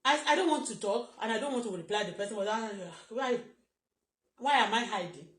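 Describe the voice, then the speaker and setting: A woman's voice: on the high side, animated, brisk. A woman with a Nigerian accent on a live stream, rambling and agitated, repeating herself and switching into Yoruba at times. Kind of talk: emotional live-stream monologue. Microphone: phone. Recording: echoey room.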